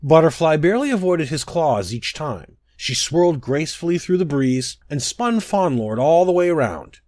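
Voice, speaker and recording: A man narrating a scripted druidic fable in a measured storytelling manner. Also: on the high side, big pitch swings, a little mellow, dry recording.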